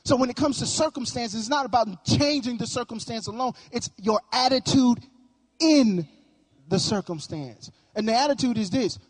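A man's voice: very high-pitched, animated, moderate pace. A male pastor preaching a sermon with emphatic, sing-song cadence and frequent repetition.

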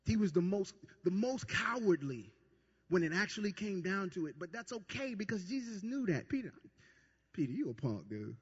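Male pastor, husky and high, repetitive emphatic preaching, dull lo-fi recording. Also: expressive, normal speed. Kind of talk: sermon. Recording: long reverb, dull lo-fi sound.

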